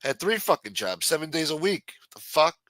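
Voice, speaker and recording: A man's voice: fairly high pitch, very animated, a little fast, fairly bright tone, no echo. A middle-aged man hosting a live stream, ranting bluntly and swearing constantly. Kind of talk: profane ranting monologue.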